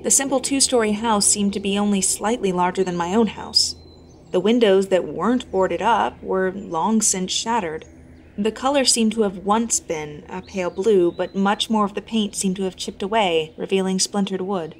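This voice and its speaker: A woman narrating a first-person horror story at a measured, tense pace, her pitch sitting mid-range for a woman. The delivery is steady and deliberate, with a creeping unease. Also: a little hiss or hum.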